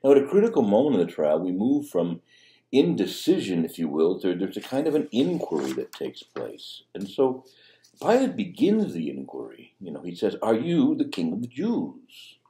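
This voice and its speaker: Man, priest, conversational sermon, mellow low voice, roomy echo. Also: huge pitch swings, normal speed. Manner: conversational, with fillers and restarts. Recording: echoey room.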